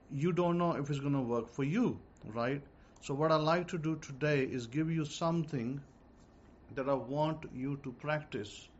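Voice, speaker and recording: Male religious teacher, informal and repetitive, slightly high voice, dull lo-fi audio. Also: darkish tone. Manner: repetitive, slow and deliberate when dictating words. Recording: dull lo-fi audio with faint noise.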